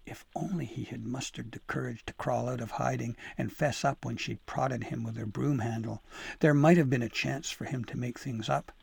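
A man narrating a children's storybook chapter in a measured, expressive reading. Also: mid-range voice, creaky, breathy edge, dry recording. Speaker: audiobook narrator.

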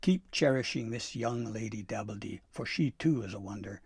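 A man's voice: on the low side, normal speed, creaky, darkish tone, husky, no room sound, studio quality. A man voicing a jolly, fond old Santa Claus with hearty, hooting outbursts. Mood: warm.

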